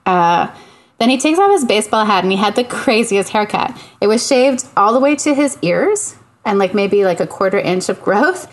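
A woman from Canada telling a funny story in casual chat, animated, acting out the people she quotes and laughing often. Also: mid-range voice, moderate pace. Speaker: podcast co-host.

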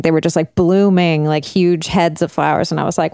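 Animated, swearing woman, dry close sound. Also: fairly quick, few pauses, dry recording. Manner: animated, swears casually, big pitch jumps. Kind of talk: casual chat.

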